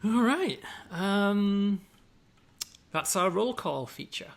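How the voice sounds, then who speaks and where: Gravelly English man explaining a game. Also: sits high, lively intonation, extremely slow. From England. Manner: chatty, explaining with lots of "you know" and "right?"; fond of British slang. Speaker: game developer. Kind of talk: casual gameplay walkthrough.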